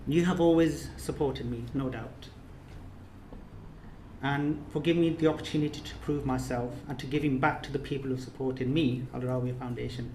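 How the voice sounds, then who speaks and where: A man's voice: medium pitch, roomy sound, noisy background. A man leading a course, giving an emotional thank-you speech, earnest and repetitive, his phrases rising to emphatic peaks. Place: reception room of an official residence.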